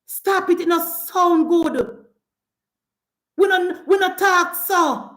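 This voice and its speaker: A woman's voice: extremely high pitch, slow pace, fairly bright tone, echoey room. A woman with a Jamaican accent delivering an impassioned political rant as a commentator, scolding and emphatic, hammering the same attacks again and again.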